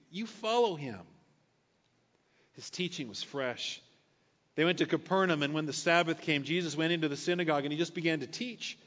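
A man's voice: fairly high pitch, fairly quick, a bit bright. A male pastor preaching a sermon, reading scripture and adding casual conversational asides. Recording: echoey hall, dull lo-fi sound.

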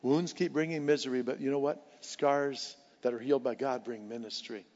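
A pastor preaching a sermon with passion, repeating key lines for emphasis. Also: male voice, medium pitch, fairly even intonation, moderate pace, a little mellow. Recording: dull sound with long hall reverb.

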